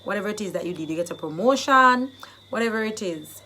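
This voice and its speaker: A woman with a Jamaican accent who teaches Jamaican phrases in a casual vlog, explaining them and acting them out in lively bursts. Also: mid-range voice, fast talker.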